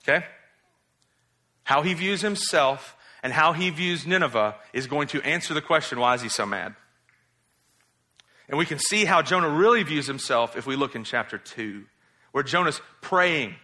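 A man preaching a sermon as pastor, reading scripture and acting out quotes with lively, mocking emphasis. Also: a little high, moderate pace. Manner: animated, mocks in exaggerated voices while quoting.

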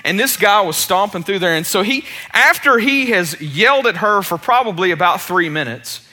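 A man's voice: sits high, expressive, moderate pace, sharp tone. A man preaching a sermon, telling a story in a casual, chatty way with many restarts and self-deprecating asides.

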